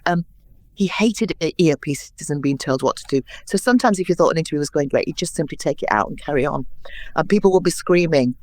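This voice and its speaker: A woman in her sixties, a guest in an interview, telling anecdotes in a lively way and acting out what others said. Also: low voice, fast, dry recording. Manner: lively anecdotal storyteller, acts out quotes. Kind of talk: interview storytelling.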